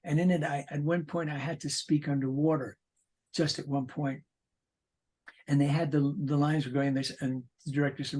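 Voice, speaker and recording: A man's voice: a little high, little pitch movement, a little fast, a little mellow, husky. An older male voice actor telling a rambling, hesitant anecdote about a recording session.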